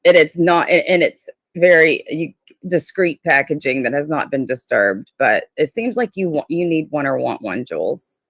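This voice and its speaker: Low-voiced, blunt woman streamer. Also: lively intonation, normal speed, no room sound. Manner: blunt, defensive, filler-heavy. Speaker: livestream host. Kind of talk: casual livestream chat.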